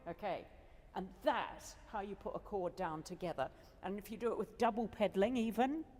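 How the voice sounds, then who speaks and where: A woman's voice: medium pitch, normal speed, a little mellow, big-room sound, soft background music. A woman organist giving a chatty, enthusiastic talk to an audience after a competition. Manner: chatty and enthusiastic, with laughs and asides. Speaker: organist adjudicator. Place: school hall.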